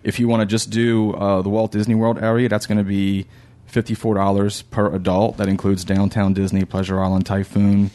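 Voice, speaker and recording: Low-ish guy on a podcast reading out emails, laid back, lists prices and times. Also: monotone, a little fast, mellow. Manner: reads listener mail and lists details plainly. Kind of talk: casual podcast chat.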